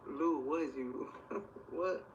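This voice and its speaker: A young man from Chicago hosting a livestream, chatting in slang and shouting out viewers. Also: a little high, slow, far from the mic, lo-fi sound, slight background noise. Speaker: livestream host. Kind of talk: casual livestream chat.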